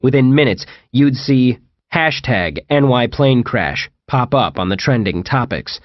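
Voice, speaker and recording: A man's voice: medium pitch, expressive, a little slow, dry recording, dull audio. A man narrating a first-person comic horror audiobook in a wry storytelling manner. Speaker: audiobook reader.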